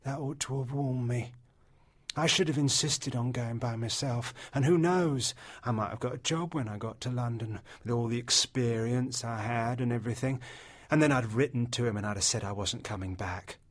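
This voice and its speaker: A man's voice: medium pitch, moderate pace, lightly acted. A man voicing a lonely, regretful planter's wife. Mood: wistful, regretful. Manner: chattering to herself, regretful. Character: lonely bored planter's wife, former actress. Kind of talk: audiobook character voice.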